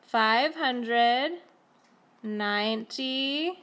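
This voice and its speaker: A woman teacher explaining a math lesson to children slowly and carefully, recorded on a tablet. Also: on the high side, a bit bright, smooth.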